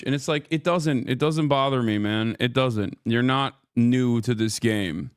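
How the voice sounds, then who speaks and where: A man's voice: medium pitch, a little slow, smooth, no echo, clean studio sound. A man in his thirties streaming, ranting angrily and profanely about another creator, often tagging his points with "okay?". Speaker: streamer reacting to a video. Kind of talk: angry live-stream rant.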